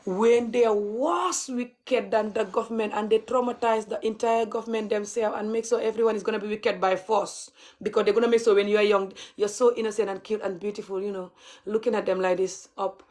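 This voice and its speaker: A woman's voice: medium pitch, darkish tone. Young woman, heated livestream rant, mocking edge, mid-range voice. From Gambia. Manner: heated, mocking, laughs bitterly. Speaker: vlogger.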